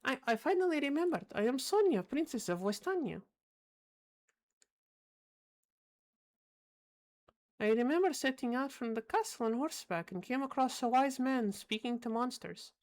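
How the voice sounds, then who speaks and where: A woman voicing a young princess in a game, speaking in a soft, earnest, storybook tone. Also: high voice, brisk, voice pushed up, close to an everyday voice.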